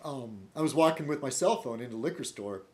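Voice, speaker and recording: A man talks to camera in a loose, rambling monologue. His pitch swings widely as he goes, dropping low for asides and jumping up when he laughs, and he backtracks often. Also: expressive, brisk, darkish tone. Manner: meandering, many restarts and fillers, laughs often. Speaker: video blogger.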